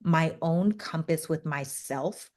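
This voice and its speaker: A woman's voice: low voice, slow pace. A woman from Canada, a podcast guest, talking candidly and emotionally about a hard stretch of her life. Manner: candid, emotional storytelling with lively swings. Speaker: podcast guest, speaker and entrepreneur. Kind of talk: casual interview talk.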